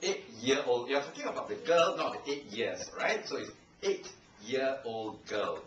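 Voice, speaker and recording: A man's voice: medium pitch, very animated, moderate pace, fairly bright tone, muffled recording. A man from Singapore with a Singaporean English accent, giving a playful, teasing language evaluation at a club meeting, laughing often. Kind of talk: humorous speech to a club meeting. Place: meeting room, live audience. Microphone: far handheld camcorder. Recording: echoey room, heard from far off, noisy.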